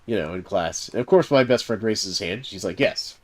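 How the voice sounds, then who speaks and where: A Southern US man with a somewhat low voice hosts his own game stream. He chats casually as he plays, wandering through stories full of fillers and chuckling along the way. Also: expressive, a little fast, darkish tone. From Southern United States. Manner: rambling storyteller, heavy fillers, chuckles through his tale. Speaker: game streamer and server host. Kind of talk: casual chat while gaming on a live stream.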